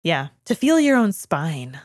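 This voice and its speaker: A woman's voice: sits low, sing-song, unhurried, darkish tone, no room sound, studio quality. Teasing, laughing woman co-host. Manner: laughing, teasing, reads listener submissions. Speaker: podcast co-host. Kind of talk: casual chat.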